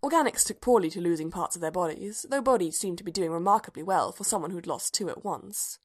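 A woman narrating a story aloud in a soft, even, quiet reading voice. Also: on the low side, fast talker, breathy edge. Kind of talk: audiobook reading of fan fiction.

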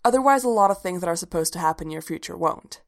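A woman voicing a composed, gently mysterious woman leader who speaks in a calm, measured and quietly firm way, in a storybook reading. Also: on the low side, creaky.

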